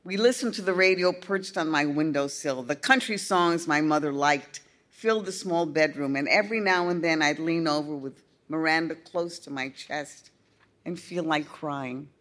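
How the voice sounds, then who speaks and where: A woman narrating a first-person story in a slow, deliberate storytelling manner. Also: deep voice, fairly bright tone. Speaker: audiobook reader.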